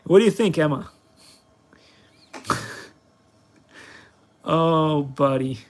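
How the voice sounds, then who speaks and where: A man's voice: fairly high pitch, extremely slow. Rambling playful man reviewer. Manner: playful, self-mocking, rambling. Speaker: product reviewer, channel host. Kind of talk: casual vlog commentary while playing.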